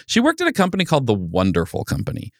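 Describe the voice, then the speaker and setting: A man's voice: medium pitch, huge pitch swings, rapid-fire, dry recording. A man hosting a podcast in casual banter, joking and self-mocking into a close mic. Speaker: podcast host.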